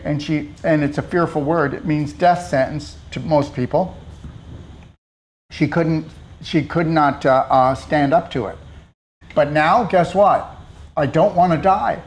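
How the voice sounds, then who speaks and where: Blunt, preachy man talking health. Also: on the high side. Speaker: host. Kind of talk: casual health talk.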